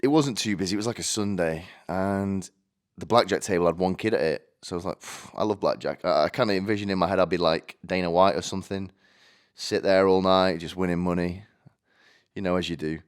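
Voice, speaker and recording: This British podcast host, a man in his twenties, has a low, clean voice and talks a bit quickly. He rambles through a story, mocking himself and leaning on coarse slang.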